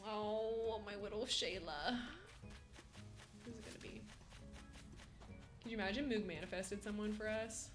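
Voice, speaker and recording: A woman's voice: mid-range voice, unhurried, pauses often, soft background music. Chatty young woman streamer cooing. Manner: chatty, coos at her cat in baby talk. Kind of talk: casual live-stream chat.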